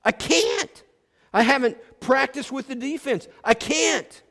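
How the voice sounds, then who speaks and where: A man's voice: sits high, animated, a little slow, in a large hall, pitched above the performer's own voice. A man voicing a discouraged young male football player who protests plaintively.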